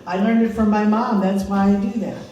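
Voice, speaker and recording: A woman's voice: mid-range voice, fairly even intonation, brisk, dark tone, muffled recording, a little hiss or hum. An older woman giving an informal, conversational teaching talk to a small group, laughing often as she speaks. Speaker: course teacher. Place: conference room. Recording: echoey room, mic far off.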